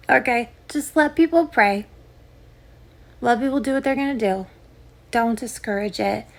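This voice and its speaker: A woman's voice: fairly high pitch, gravelly, a bit bright. A young woman hosting a podcast, delivering a sarcastic, combative comedic rant straight at her listeners. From United States. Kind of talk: ranting comedic monologue.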